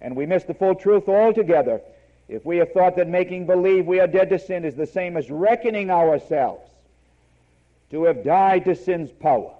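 A man's voice: high voice, normal speed, narrow, tinny audio. A man preaching a sermon, emphatic and repeating key words for stress.

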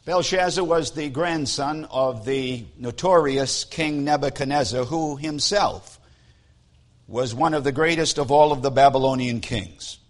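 A man preaching a sermon and retelling a scripture story in a deliberate, solemn way. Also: mid-range voice.

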